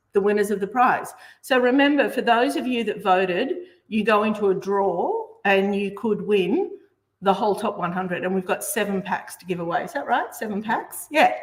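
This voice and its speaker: Woman, mid-range voice, enthusiastic, chatty book host. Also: mid-range voice. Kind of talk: book show presenting.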